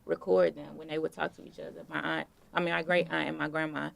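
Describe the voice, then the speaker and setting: A woman guest in a casual interview, telling relaxed stories full of fillers. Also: sits low, fast, vocal fry, no room sound. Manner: relaxed storytelling with many fillers.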